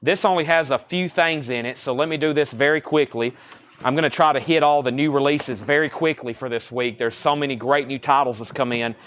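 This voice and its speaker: A man with a Southern US accent sells records live from a shop, listing titles, conditions and prices in auctioneer style. His medium-pitched voice is brisk and a bit bright.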